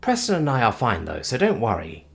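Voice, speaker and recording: A man's voice: mid-range voice, huge pitch swings, a little fast, vocal fry. A man voicing an earnest young woman scientist who explains things patiently. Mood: gentle.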